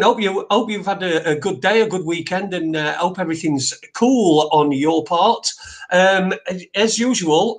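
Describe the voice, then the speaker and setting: A man, co-hosting a casual home podcast, rambling and swearing freely. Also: sits high. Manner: sweary, rambling, laughs a lot. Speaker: podcast co-host. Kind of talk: casual chat. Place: living room at home.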